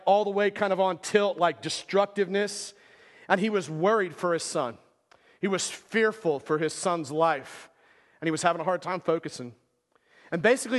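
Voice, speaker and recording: A man's voice: high voice, fairly bright tone. A man preaching a sermon in a casual storytelling way, full of fillers and "right?" asides. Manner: conversational, filler-heavy, keeps asking "right?". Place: church hall. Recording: long hall reverb.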